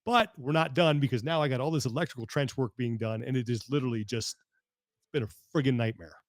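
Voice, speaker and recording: A man hosting a podcast over a video call, telling a story in an animated, exasperated way that keeps breaking off and restarting. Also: medium pitch, quick pace, no echo, clean studio sound. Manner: animated, exasperated rambling with self-interruptions. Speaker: podcast host. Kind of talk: casual storytelling chat.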